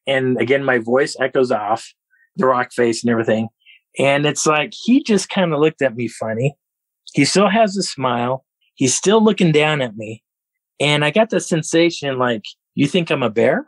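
Man, husky voice, middle pitch, animated storyteller, laughs often. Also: no echo, low-quality recording. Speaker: podcast guest. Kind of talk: storytelling an encounter.

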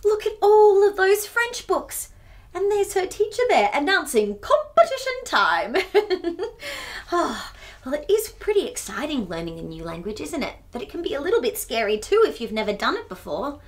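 Animated woman reading a picture book. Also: high voice, normal speed. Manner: animated, chatty asides with gasps and giggles. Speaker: children's storyteller. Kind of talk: picture book read-aloud.

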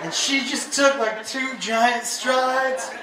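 A man performing stand-up comedy, telling a story with animated energy and shouting his punchlines, recorded live in a comedy venue over audience laughter. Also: very high-pitched, slow pace, a crowd in the background. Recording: roomy live venue, heard from a distance.

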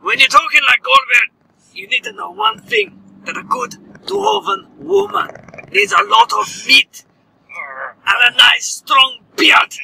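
A man voicing a bawdy, boastful male dwarf with a thick beard, in a loud, growling mock Scottish accent. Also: very high-pitched, sing-song, unhurried, creaky, slight background noise, pitched above the performer's own voice, full character voice, poor audio.

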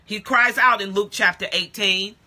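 A woman preacher giving an impassioned sermon, moving between shouting and quiet, plain talk. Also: mid-range voice, moderate pace. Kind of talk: live-streamed sermon.

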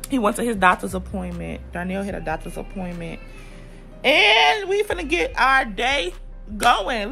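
A young woman, a vlogger and mother, chats casually to her viewers from indoors at home, playful and full of slang. Her voice sits on the high side, sounding creaky, pushed and bright.

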